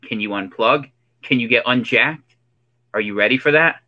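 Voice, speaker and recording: In a comedic monologue, a man plays a preachy conspiracy theorist in a hoodie and sunglasses, posing ominous rhetorical questions in an affected accent. His medium-pitched voice is lightly acted at a moderate pace, with lo-fi sound.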